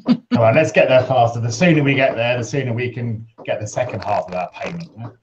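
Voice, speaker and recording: A man voicing a greedy, coarse cart driver, gruff and mocking, on a dull lo-fi recording. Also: medium pitch, fast, natural voice.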